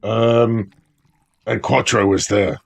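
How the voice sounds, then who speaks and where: A man with a very deep, gravelly voice answers slowly in a tabletop game. His tone is husky and rough at the edges. He hesitates before each answer. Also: fairly even intonation, dry recording. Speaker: player.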